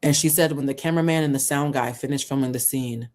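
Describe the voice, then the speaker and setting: Commentary vlogger, heated, indignant storytelling, acted-out quotes, mid-pitched voice. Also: flat delivery, fast talker, darkish tone.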